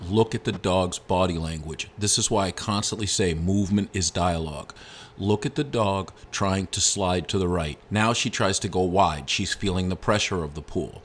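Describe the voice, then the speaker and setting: A middle-aged man, a dog trainer, giving a casual lesson and telling lively stories from his own life. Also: sits low, normal speed, a little hiss or hum. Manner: storytelling with lively anecdotes. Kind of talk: casual instructional talk.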